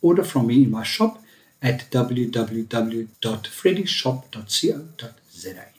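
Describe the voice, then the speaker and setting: A man's voice: medium pitch, expressive, measured pace, reverberant. A man hosting a podcast, reading his intro and then chatting playfully with his guest. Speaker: podcast host. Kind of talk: podcast intro and casual interview.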